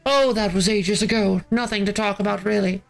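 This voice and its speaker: A woman's voice: medium pitch, fairly even intonation, brisk, vocal fry, lightly acted. Woman reading a suave caged rogue. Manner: suave, wry, mock-modest. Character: smooth-talking caged male rogue, charming and evasive.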